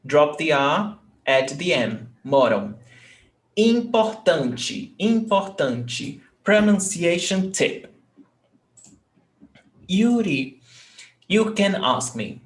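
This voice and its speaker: A man teaching a language lesson, explaining slowly and checking in with his students. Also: a little high, very animated. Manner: slow, deliberate explanations with frequent "okay?" check-ins. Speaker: Portuguese teacher.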